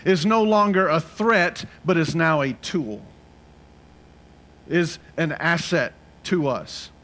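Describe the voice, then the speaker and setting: A man's voice: fairly high pitch, takes it slowly, fairly bright tone. A middle-aged man preaching a sermon as pastor, telling a personal story in a conversational way and asking the congregation for amens.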